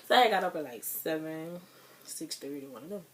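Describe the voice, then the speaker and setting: A young woman with a slightly low voice tells a sad story from her own life. She talks to her viewers casually, calling them y'all, and the grief sits under every word. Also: expressive, a little fast, a bit bright, slight background noise. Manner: chatty, addresses viewers as y'all; emotional, grieving retelling. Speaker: vlogger.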